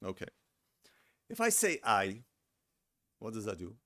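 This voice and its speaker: A man's voice: lowish voice, wildly swooping pitch, measured pace, sharp tone, dry recording. A middle-aged man lecturing a seminar in a conversational way, acting out example lines and repeating his words. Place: lecture room.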